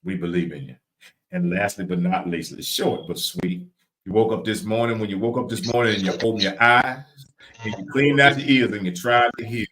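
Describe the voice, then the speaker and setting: A man's voice: fairly low pitch, lively intonation, fairly quick, fairly bright tone, rough recording. A man with a Southern US accent co-hosting a live podcast, talking in a repetitive, preacher-like cadence. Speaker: podcast co-host.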